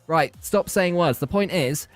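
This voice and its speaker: A man's voice: fairly high pitch, no echo, faint music behind. Playful man co-casting, bantering. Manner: playful, argumentative, quick asides. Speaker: esports co-caster. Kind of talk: casual banter between matches.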